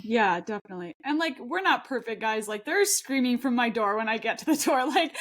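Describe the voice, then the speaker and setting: Chatty, earnest woman co-host, fairly high. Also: animated, fairly quick, fairly bright tone. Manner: chatty, rambling, many fillers and restarts; earnest and heartfelt. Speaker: podcast co-host. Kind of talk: casual chat.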